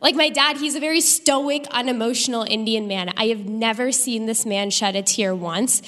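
A woman's voice: on the high side, moderate pace. Young woman doing punchy stand-up on stage. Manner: animated, punchy comic delivery. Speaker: stand-up comedian. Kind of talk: live stand-up set. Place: comedy stage before a live audience. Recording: live stage recording with long hall reverb.

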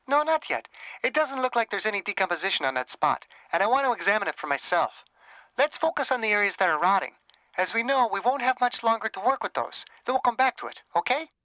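A man voicing a brisk middle-aged woman medical examiner who speaks decisively, in a businesslike way. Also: high-pitched, very animated, pushed and bright, no echo, muffled recording, pitched above the performer's own voice, exaggerated voice.

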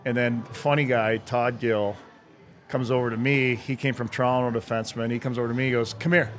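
A man's voice: medium pitch, level tone, fairly quick. A man telling a hockey locker-room story in a casual chat, acting out the dialogue and laughing often. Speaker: former hockey player telling stories.

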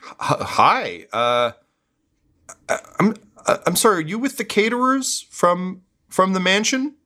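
A man's voice: high voice, very animated, unhurried, sharp tone, pitched above the performer's own voice, heavily acted. A man voicing a nervous male gate guard who stammers and apologizes.

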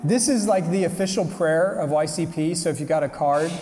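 Enthusiastic male speaker, mellow tone, lively motivational faith talk recorded live in a reverberant hall. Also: fairly high pitch, fairly quick, hardly any pauses. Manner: enthusiastic, joking, punchy rhetorical questions. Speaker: speaker at a young professionals' faith event.

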